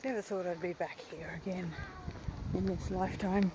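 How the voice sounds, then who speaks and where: Out on busy town streets with a handheld camera, a woman vlogs a relaxed walking tour, drifting into rambling asides. Her fairly low voice stays steady at a moderate pace, and loud traffic and bustle surround her.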